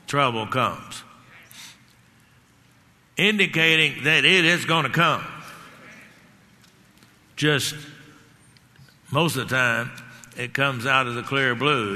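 A man's voice: mid-range voice, takes it slowly, long pauses, pushed and bright. A man preaching a sermon with emphatic delivery, repeating key words and rising on lines of scripture. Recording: long hall reverb.

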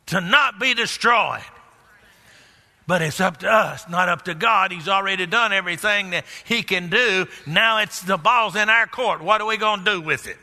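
Preacher with a bright, ringing voice. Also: male voice, sits high, lively intonation, moderate pace, long reverb tail. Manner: preaching, repeats phrases for emphasis, builds to exclamations. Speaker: pastor. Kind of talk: sermon. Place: church.

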